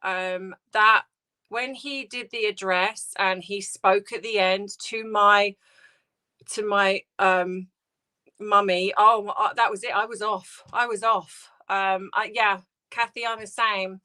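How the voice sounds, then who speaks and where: A woman hosting a live stream, grieving and close to tears, talking haltingly and greeting viewers by name. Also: medium pitch, steady tone, sharp tone, clear, resonant tone. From United Kingdom. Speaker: livestream host. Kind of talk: emotional casual livestream chat.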